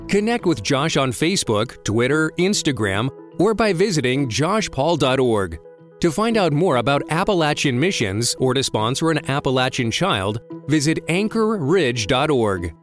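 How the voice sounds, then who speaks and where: Animated male show announcer. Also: medium pitch, moderate pace, faint music behind. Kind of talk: scripted announcement.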